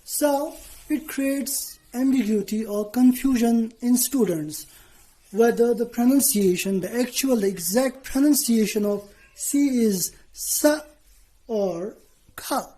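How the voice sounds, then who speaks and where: A woman teacher gives her students a lesson, speaking deliberately, spelling out letters and often checking in with "okay." Her voice is on the high side and mellow, and the recording is rough.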